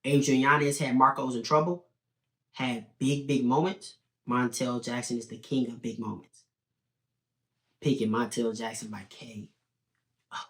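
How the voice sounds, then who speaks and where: A young man giving opinionated, animated fight predictions in a casual video commentary. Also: medium pitch. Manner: opinionated, animated, talks in quick bursts with restarts. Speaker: sports betting and fight prediction host.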